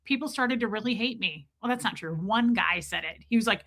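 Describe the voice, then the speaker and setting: A woman's voice: mid-range voice, brisk, vocal fry, few pauses, a bit bright. A woman hosting a casual live stream, greeting viewers by name, self-mocking and laughing often. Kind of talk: casual live chat reading viewer comments.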